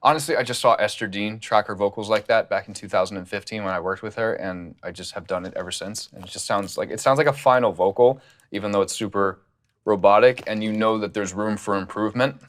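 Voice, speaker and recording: He talks fast in a fairly low voice, a music producer casually rambling through his studio workflow with plenty of fillers on a studio condenser mic.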